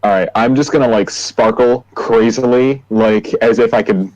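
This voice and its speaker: A man's voice: mid-range voice, moderate pace, darkish tone, no room sound, highs cut off. A man playing a tabletop role-playing game, playfully describing his character's actions. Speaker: player.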